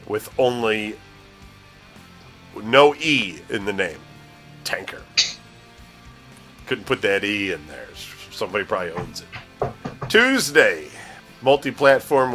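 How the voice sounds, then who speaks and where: Reading out the week's gaming releases, this news host keeps things jokey, laughing a lot and tripping over names in a casual podcast chat. His voice is medium-pitched, pushed, and bright.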